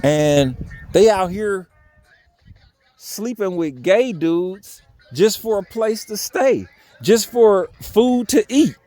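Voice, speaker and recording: A man's voice: high-pitched, lively intonation, slow, mellow, faint music behind. A young man talking candidly in a personal vlog outdoors, earnest and pleading, his voice unsteady from crying. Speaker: vlogger. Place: outdoors by a railroad bridge.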